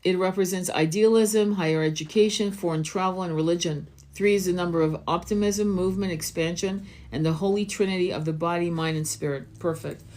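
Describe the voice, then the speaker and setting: Low-pitched woman hosting an oracle stream, coaxing viewers to open up. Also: steady tone, brisk, hardly any pauses, a little mellow. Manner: encouraging, coaxing viewers to share. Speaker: tarot and oracle reader hosting a live stream. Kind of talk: live-streamed spiritual session.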